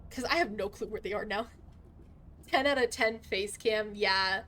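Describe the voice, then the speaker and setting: A young adult woman streaming a game live, chatting casually and swearing constantly, with loud outbursts. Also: medium pitch, unhurried, a little hiss or hum. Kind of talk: casual gaming livestream chat.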